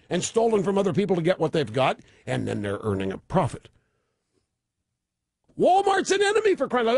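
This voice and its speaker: A man's voice: sits high, darkish tone, no echo, studio quality. A man hosting a radio talk show, delivering an opinionated monologue with sarcastic, mocking asides.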